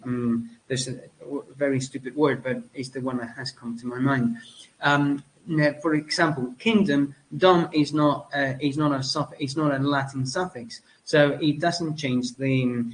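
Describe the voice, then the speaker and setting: A man from Spain teaching a lesson, with many fillers, pauses and self-corrections. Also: medium pitch, poor audio. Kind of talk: spoken lecture.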